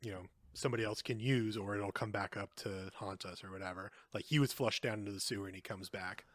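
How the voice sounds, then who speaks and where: Male podcast co-host, lowish pitch, relaxed dry wit, dry close mic. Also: quick pace, no room sound. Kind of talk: casual chat.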